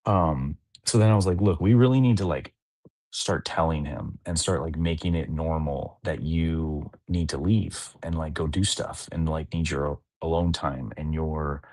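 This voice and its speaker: Low-voiced dad rambling casually. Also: male voice, fairly even intonation, measured pace, darkish tone, no echo. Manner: rambling, heavy use of "like" fillers. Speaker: podcast co-host, father. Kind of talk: casual chat.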